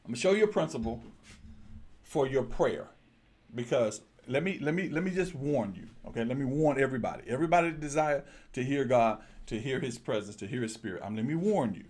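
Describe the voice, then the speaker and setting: A man preaching a sermon, addressing the congregation directly and repeating his phrases. He swings between low murmurs and loud exclamations.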